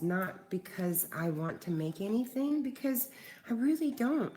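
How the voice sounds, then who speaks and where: A woman's voice: deep voice, warm tone. A middle-aged woman hosting a casual livestream, chatting with viewers and swearing freely. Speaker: livestream host.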